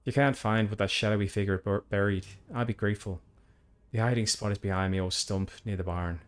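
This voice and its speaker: A man's voice: fairly low pitch, steady tone, brisk, natural voice. A man voicing a vengeful human farmer-fighter in a put-on Northern Irish accent, reading quest text earnestly.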